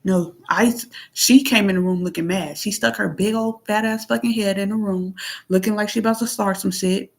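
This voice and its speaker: A woman venting in a casual monologue into her phone, blunt and heavily profane, moving between heated outbursts and low murmurs. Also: steady tone, normal speed, creaky. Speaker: vlogger.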